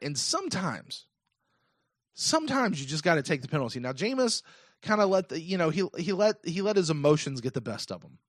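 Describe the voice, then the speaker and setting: A man in his thirties with an American accent, hosting a casual call-in sports podcast in an animated, emphatic rant. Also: fairly high pitch, fairly quick, no room sound, studio quality. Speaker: podcast host.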